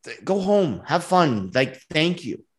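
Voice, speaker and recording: A man with a fairly high, very lively voice tells workplace stories on a podcast. He acts out both sides of quoted conversations and breaks into laughs along the way. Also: takes it slowly. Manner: animated storyteller, acts out quoted dialogue, laughs often. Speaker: business owner guest. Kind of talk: casual podcast storytelling.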